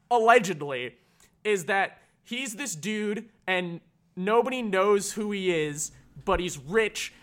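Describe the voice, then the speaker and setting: A man's voice: high-pitched, a bit bright. A man co-hosting a podcast in casual chat, rambling with lots of filler words and casual swearing. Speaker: podcast co-host.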